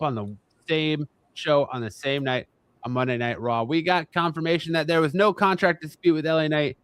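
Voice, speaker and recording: Animated teasing man, dry close sound. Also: fairly high pitch, normal speed, clear, resonant tone, no room sound. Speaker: podcast host. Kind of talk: casual wrestling chat.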